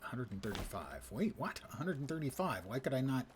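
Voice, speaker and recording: A man's voice: mid-range voice, sing-song, a little fast, slight background noise. A man streaming a game live, talking wryly to himself and reading quest text aloud. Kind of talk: casual live gameplay commentary.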